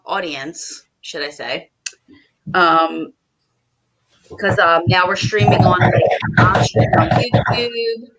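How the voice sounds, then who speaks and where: A woman hosts a relaxed live-stream chat in a bright, sharp-edged voice. She talks hesitantly, stopping often for "um" and starting her sentences over. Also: medium pitch, rough recording. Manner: hesitant, many ums and restarts. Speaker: host. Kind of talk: casual live-stream talk.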